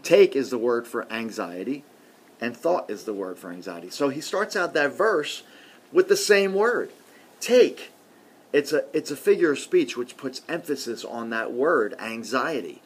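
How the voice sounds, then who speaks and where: A man preaching a sermon in a conversational way, often adding "see" and "okay", and swinging from loud emphasis to quiet murmurs. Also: medium pitch, big pitch swings, moderate pace, slightly rough.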